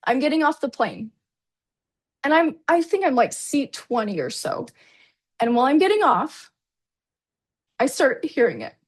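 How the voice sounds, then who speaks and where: A woman presenter telling a personal travel story in an enthusiastic, chatty way, often calling the audience "you guys.". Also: high-pitched. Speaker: presenter at a product launch.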